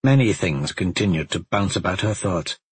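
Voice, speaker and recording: A man reading a fantasy novel aloud in a measured storytelling manner. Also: sits low, lively intonation, husky, rough recording. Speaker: audiobook narrator. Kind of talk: scripted narration.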